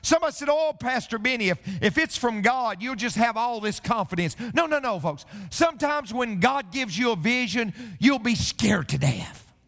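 A man's voice: very high-pitched, expressive, normal speed, creaky, fairly bright tone, long reverb tail. A male pastor preaching a sermon, telling stories and building to repeated refrains.

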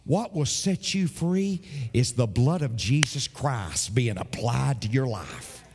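A male pastor delivering an emphatic sermon, with dramatic pauses and repeated phrases. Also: mid-range voice, animated, long reverb tail, background noise.

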